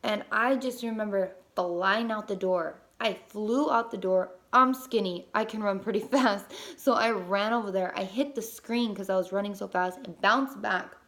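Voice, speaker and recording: A young woman casually telling a personal story as a mother, lively, with many fillers and casual swearing. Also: medium pitch, normal speed, hardly any pauses.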